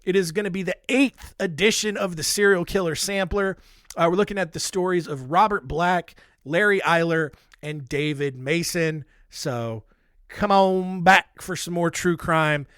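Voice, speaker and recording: High-voiced guy hosting a podcast, blunt and jokey, super dry close mic. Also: measured pace, fairly bright tone, smooth, no room sound. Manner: irreverent, blunt, jokey asides. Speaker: podcast host. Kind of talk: casual comedic true-crime recap.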